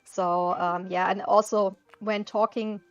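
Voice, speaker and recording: A woman's voice: medium pitch, level tone, slow pace, dull audio. A woman with a German accent, a native German speaker, chatting casually and a little hesitantly as she colors, searching for words, with faint music behind her. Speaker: coloring channel host. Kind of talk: casual chat while coloring.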